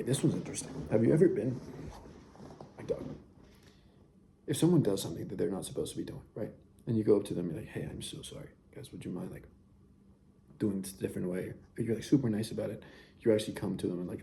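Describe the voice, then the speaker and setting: A man's voice: on the low side, vocal fry, warm tone, a little hiss or hum. A young man talking casually and earnestly to camera about Bible verses, often saying "dude" and dropping to near whispers. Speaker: faith vlogger.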